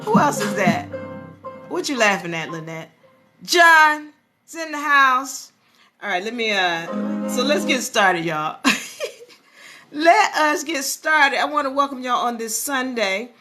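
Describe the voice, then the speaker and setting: A woman hosting a live stream about law, talking to her viewers in a chatty, animated way and sometimes breaking into sing-song. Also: sits high, takes it slowly, long pauses. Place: live social-media stream. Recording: live stream with music playing behind.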